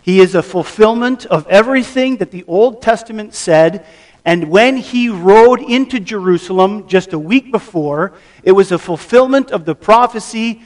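A man preaching a sermon, reading scripture aloud and then explaining it with measured emphasis. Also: high voice, darkish tone, distant mic. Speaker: pastor.

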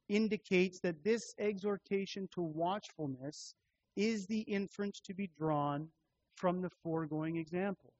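Pastor, male, fairly high voice, measured expository sermon delivery, dull lo-fi recording. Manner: measured expository preaching, repeating phrases for emphasis.

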